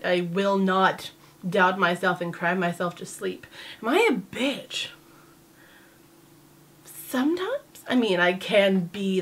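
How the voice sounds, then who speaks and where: A woman's voice: medium pitch, fairly bright tone. A woman talking candidly to camera in a casual vlog, chatty and sassy, with lots of fillers. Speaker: vlogger.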